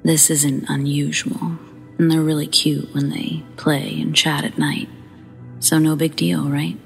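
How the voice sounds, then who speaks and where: Woman narrator, low voice, gravelly fry, hushed whispers, faint music underneath. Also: little pitch movement, measured pace. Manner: hushed, breathy whispering at tense moments. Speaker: horror story narrator. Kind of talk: scripted narration.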